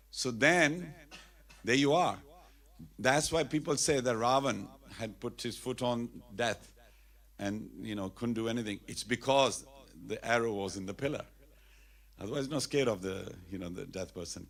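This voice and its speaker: A man gives a sermon at a temple festival. He tells the story with animation, in a gravelly, creaky voice at a middling pitch, and stops to lead the crowd in call-and-response chants. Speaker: temple speaker.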